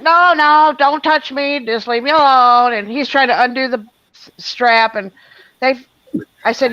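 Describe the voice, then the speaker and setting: A woman's voice: mid-range voice, dry recording, muffled recording. A woman telling a long, rambling story on a show, full of fillers and restarts. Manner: animated, many fillers and restarts.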